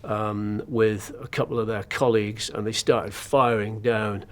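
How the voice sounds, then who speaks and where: A man with a somewhat low voice recounts his own ordeal in an interview. He talks in an understated, wry way, pausing often. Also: steady tone. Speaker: journalist recounting captivity. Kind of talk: first-person interview account.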